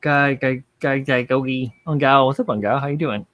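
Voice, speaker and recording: A man's voice: mid-range voice, moderate pace, a bit bright, no echo. A young man hosting a model-building livestream in loose, rambling chat, full of fillers and casual swearing. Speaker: livestream host.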